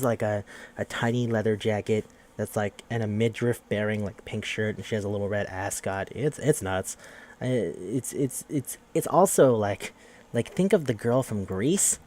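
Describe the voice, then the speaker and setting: A man's voice: on the low side, normal speed, a little mellow. Casual, profane man recapping a game. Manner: rambling, profane, acts out characters' lines. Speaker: podcast host.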